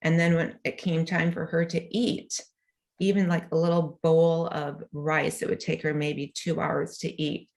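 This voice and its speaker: A woman interviewed as an author, telling a family story earnestly, her voice rising and slowing when moved. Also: little pitch movement, vocal fry, a little mellow. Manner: earnest, rises high and slows when moved. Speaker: guest author and mother.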